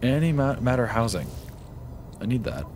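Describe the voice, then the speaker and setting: A man streaming live gameplay, talking to himself in excitable bursts, swearing and jumping up into high-pitched yelps. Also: moderate pace, background noise. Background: game music.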